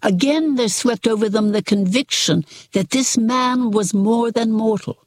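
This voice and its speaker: A reader giving a measured, expressive scripted narration of a religious book. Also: mid-range voice, no room sound. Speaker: audiobook reader.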